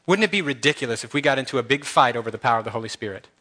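A man's voice: medium pitch, expressive, rapid-fire, pushed and bright. A man who is a church elder, preaching an earnest and impassioned sermon straight to his congregation.

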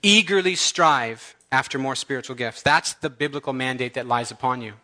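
A man's voice: mid-range voice, normal speed, pushed and bright. A man who is a church elder, preaching an earnest and impassioned sermon straight to his congregation.

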